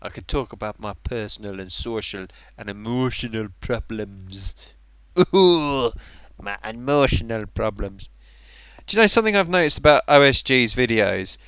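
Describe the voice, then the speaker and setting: A man's voice: lowish voice, lively intonation, moderate pace, a bit bright, no echo. A man chatting on a livestream in a sleepy, rambling way. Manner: drowsy, rambling. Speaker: streamer. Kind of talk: casual livestream chat.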